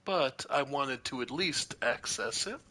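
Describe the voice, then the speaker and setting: Calm streamer man, let's play commentary, slow, bright, faint ambience behind. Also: medium pitch, low-quality recording. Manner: calm, reads game text aloud.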